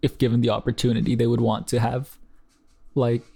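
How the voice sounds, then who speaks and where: A man's voice: mid-range voice, little pitch movement, fairly quick, vocal fry, mellow, slightly rough. A man hosting a casual book podcast, reading passages aloud and then talking them over in a thoughtful, hesitant way with many fillers.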